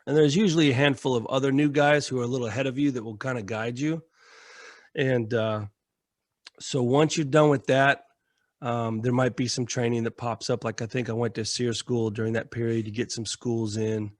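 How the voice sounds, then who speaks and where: A man from the United States, a military veteran and podcast guest, telling stories in a casual, animated way, acting out quotes and swearing freely. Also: mid-range voice, moderate pace, dry recording, clean studio sound. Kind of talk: casual storytelling.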